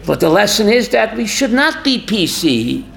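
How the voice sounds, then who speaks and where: A man's voice: sits high, very animated, moderate pace, vocal fry, fairly bright tone. A man giving a rabbi's Torah class, emphatic, firing rhetorical questions and calling on listeners by name.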